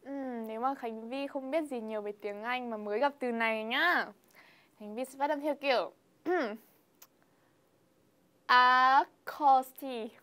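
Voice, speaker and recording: A woman's voice: a little high, brisk, a bit bright. A young woman from Vietnam with a Vietnamese accent, co-hosting a livestream and giggling as she plays an eager pupil. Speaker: co-host. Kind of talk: livestream chat, switching into a pupil role.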